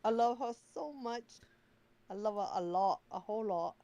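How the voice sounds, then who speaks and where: A woman's voice: medium pitch, moderate pace, warm tone, no echo, dull audio. A woman joining a live online audio chat, bubbly and enthusiastic, repeating herself as she gushes. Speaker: guest speaker in a live audio space. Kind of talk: casual live-stream chat.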